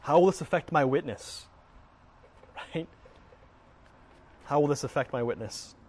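A man's voice: on the high side, animated, measured pace, a little mellow, a little hiss or hum. Earnest man teaching on faith. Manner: earnest, repeats words often. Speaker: Christian teacher.

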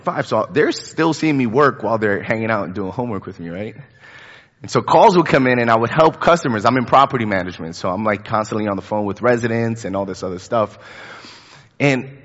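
A man's voice: mid-range voice, a bit bright. Chatty male preacher in a reverberant hall. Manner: chatty, lots of fillers and repeated words. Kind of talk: casual conversational sermon. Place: church sanctuary. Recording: dull lo-fi with long hall reverb.

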